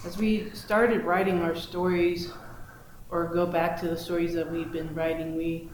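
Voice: mid-range voice, level tone, a little slow. A student in a class discussion, speaking hesitantly and searching for words. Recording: roomy with faint noise.

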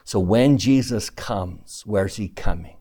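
A man's voice: lowish voice, slow, dark tone, slightly rough. A man teaching a scripture lesson to a class, emphatic and asking the room questions as he reads verses aloud.

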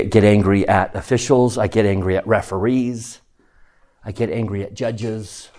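Emphatic middle-aged man teaching scripture. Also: on the low side. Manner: animated, emphatic, asks the class questions. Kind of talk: scripture lesson lecture.

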